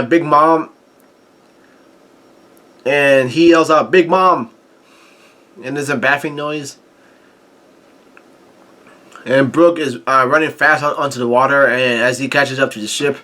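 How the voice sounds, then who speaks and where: A man casually recapping a comic chapter as a channel host, halting often with fillers and tossing in crude asides. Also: mid-range voice, fairly even intonation, pushed and bright.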